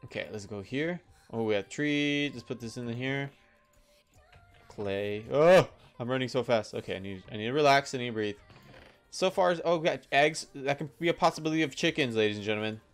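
A young man doing casual gameplay commentary, chatty and excitable, talking to the animals in the game. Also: medium pitch, a little fast, faint music behind. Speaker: gaming YouTuber.

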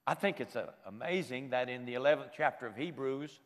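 An older man preaching a sermon at a camp meeting, moving emotionally between quiet reflection and loud, fervent exhortation. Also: mid-range voice, brisk, few pauses. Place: large hall at a church camp meeting. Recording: reverberant hall.

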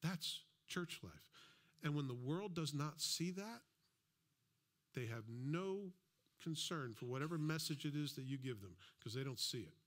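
A man's voice: fairly high pitch, animated, unhurried, a bit bright. A man preaching a sermon as a pastor, in a conversational style with asides and acted-out quotes. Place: church.

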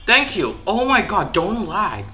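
A man giving live gameplay commentary, excitable and easily frustrated, with sudden yelps and outbursts. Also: sits high, unhurried, soft background music. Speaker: gaming YouTuber.

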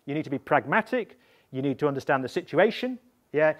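A man, an evaluation expert, explaining methods to practitioners in a deliberate, emphatic way, often checking in with his listeners. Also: fairly high pitch, lively intonation. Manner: emphatic, repeats points and checks in with "yeah?".

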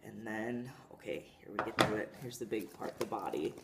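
A young woman chatting casually in a home vlog, gushing with excitement as she talks to the camera. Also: a bass voice, moderate pace, creaky, very noisy. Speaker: vlogger. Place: home, indoors.

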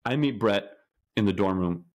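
A young man from Colorado, a guest telling how he met his wife in an animated, casual way, often checking in with "okay?". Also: fairly low pitch, normal speed. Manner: animated, keeps asking "okay?". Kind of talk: casual storytelling.

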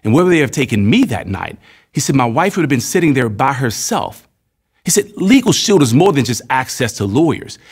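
A man in his thirties tells personal anecdotes in an earnest, steady manner. His voice sits at an ordinary middle pitch. He speaks as a spokesman in a promotional testimonial. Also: a little fast, husky. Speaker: company spokesman.

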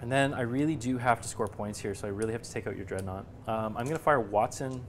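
A man's voice: medium pitch, fast talker, a little hiss or hum. A man playing in a live tabletop wargame stream, thinking aloud as he tallies shots, hits and damage with many small hesitations. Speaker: guest player. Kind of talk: casual play-by-play of a tabletop wargame.

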